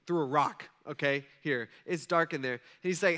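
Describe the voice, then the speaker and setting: A man's voice: fairly high pitch, moderate pace, hardly any pauses, bright, forceful tone. Male pastor, conversational sermon delivery, keeps checking in with the crowd. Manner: conversational, frequent asides and check-ins with the audience.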